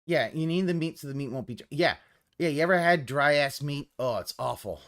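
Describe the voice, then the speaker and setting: Speaking fairly quickly in a fairly high voice, a man reacts to a clip on a live stream. His casual commentary is rambling, profane and animated.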